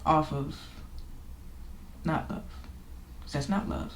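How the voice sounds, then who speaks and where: Her voice sits low with vocal fry, and she speaks at a slow pace. This woman hosts a podcast, talking informally and emphatically about her life in a reflective, confessional style, in an echoey room with faint noise.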